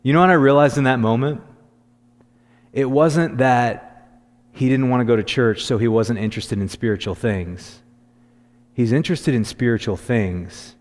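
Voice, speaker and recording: A man preaching a sermon as a pastor, telling stories in a conversational way that turns lively when he quotes others. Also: fairly low pitch, in a large hall. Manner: conversational storytelling, animated when quoting. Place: church sanctuary.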